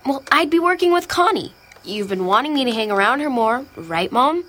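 A woman's voice: sits high, lively intonation, a little fast, fairly bright tone. An actress playing a good-natured, slightly clumsy teenage girl who talks sheepishly. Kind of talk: radio drama acting.

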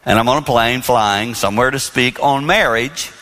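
A man's voice: mid-range voice, normal speed, sharp tone, big-room sound. A middle-aged man preaching on marriage, telling stories with self-deprecating humor that turn earnest. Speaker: marriage speaker and minister. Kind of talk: storytelling sermon.

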